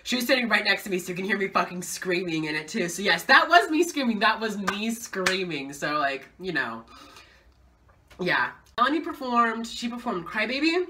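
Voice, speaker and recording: A young woman tells a story to her camera with plenty of swearing, and her pitch swings high and low as she gets excited. Her voice is bright and a little low for a woman. She sits a bit back from the mic. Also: far from the mic. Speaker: vlogger. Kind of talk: casual story time.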